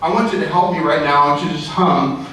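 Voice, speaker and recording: A man speaks fast in a fairly high, sharp voice, delivering a lighthearted motivational talk to real estate attendees and impersonating customers and brokers. The setting is a large event hall with a live crowd, and the distant recording is echoey and noisy.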